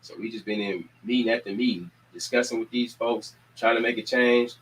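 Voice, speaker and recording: Energetic man rallying his community. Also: mid-range voice, a little fast, slight background noise, low-quality recording. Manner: preacher-like repetition, energetic calls to action. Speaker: community organizer and show host. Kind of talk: casual community announcements.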